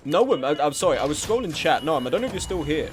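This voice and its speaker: A man's voice: a little high, very animated, quick pace, music in the background. A man live-streaming a game, chatting casually with his chat in a sweary, self-deprecating way.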